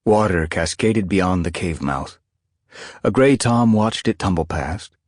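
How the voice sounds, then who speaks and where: A male narrator reading a children's animal fantasy audiobook with expressive storytelling. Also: low-pitched, measured pace, no room sound, studio quality. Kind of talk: scripted narration.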